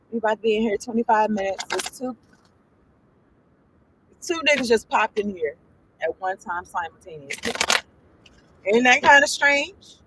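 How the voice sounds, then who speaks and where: A woman's voice: fairly high pitch, fairly bright tone, a little hiss or hum, low-quality recording. A woman doing a casual tarot reading, reading card text aloud and then riffing on it in a loose, profane, chatty way. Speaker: tarot reader.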